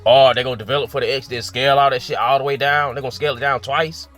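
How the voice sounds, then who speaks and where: A man's voice: medium pitch, steady tone, racing, fairly bright tone, faint music behind. Profane, exasperated man ranting. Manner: profane, exasperated, rhetorical questions. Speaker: gaming commentator. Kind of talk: casual opinion rant.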